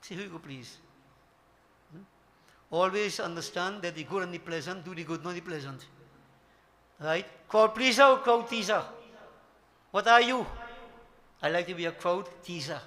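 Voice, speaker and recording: A man's voice: sits high, animated, normal speed, pauses often, bright, forceful tone. An older man gives a devotional sermon, emphatic and full of rhetorical questions to his devotees. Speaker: Hindu spiritual teacher.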